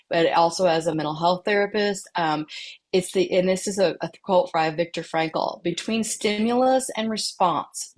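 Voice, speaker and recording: A woman who works as a mental health therapist, presenting a workplace training in a conversational way, with everyday stories and the odd filler. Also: mid-range voice.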